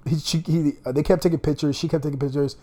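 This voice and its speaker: A man's voice: fairly high pitch, fairly even intonation, fast talker, warm tone. Young man telling a rambling, profane story. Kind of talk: casual chat.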